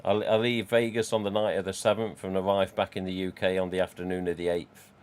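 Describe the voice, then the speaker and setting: Chatty man, low voice. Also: flat delivery, fairly quick, clean tone. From England. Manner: rambling, chatty, reads out chat. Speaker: live stream host. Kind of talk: casual live stream chat. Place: home.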